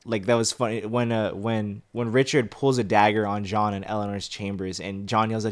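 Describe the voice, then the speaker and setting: Young man, lowish voice, rambling. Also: fairly even intonation, normal speed. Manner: rambling with many "like" fillers and restarts. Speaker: co-host of a movie review show. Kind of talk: casual movie discussion.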